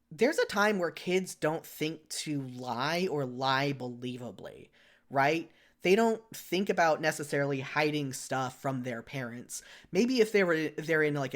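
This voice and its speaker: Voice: medium pitch, normal speed. A podcast co-host in casual chat, rambling with lots of "like" and frequent self-corrections.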